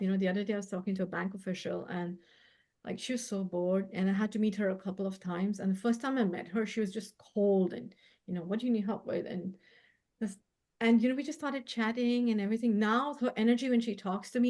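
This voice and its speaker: A woman appearing as a guest healer in a casual chat, speaking gently and warmly. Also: medium pitch.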